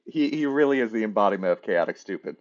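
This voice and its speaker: A man's voice: fairly low pitch, expressive, fairly quick. A man running a tabletop game as game master, talking casually with many fillers. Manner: hesitant, lots of fillers. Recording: lo-fi muffled mic.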